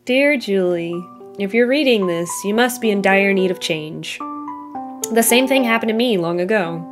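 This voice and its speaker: A woman reading aloud the letter of a kindly old grandfather in a video game, gently and slowly. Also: medium pitch, animated, soft background music, close to an everyday voice. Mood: tender.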